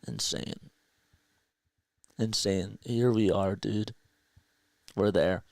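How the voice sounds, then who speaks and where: A young man hosting a casual sports livestream, talking to his chat with excitement and emotion. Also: on the low side, drawn-out words, creaky, dry recording.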